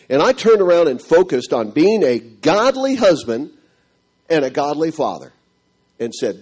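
A middle-aged man telling a church audience his marriage story in an animated, storytelling way. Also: a little high, a little slow, slightly rough. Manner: animated storytelling, acting out quotes. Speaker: speaker giving a marriage testimony.

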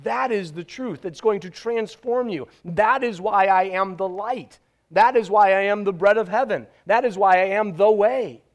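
A man pastor delivers a sermon with a high voice. He talks conversationally but hits key words hard and pauses for dramatic effect.

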